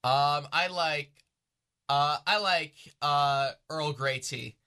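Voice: medium pitch, slow, sharp tone, smooth. A teenager co-hosting a student radio show, hesitant with many fillers and jokey. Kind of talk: casual chat.

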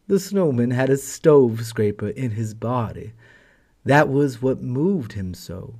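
A man narrating a fairy tale as host of a storytelling channel, gentle and affectionate. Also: medium pitch, sing-song, takes it slowly.

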